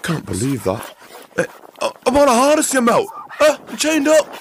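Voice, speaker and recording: A man voicing an excitable, cheeky male dog who keeps calling everyone mate. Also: very high voice, background noise, pitched above the performer's own voice, heavily acted. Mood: rowdy. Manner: rapid, pushy, repeats himself, calls everyone mate.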